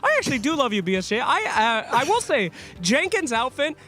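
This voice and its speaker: A high-pitched man with a bright, ringing tone, roving the show floor as an event host. His voice leaps up and down as he teases his colleagues and cracks jokes at full energy. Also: brisk, soft background music. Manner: playful, energetic and teasing. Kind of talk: joking live broadcast banter.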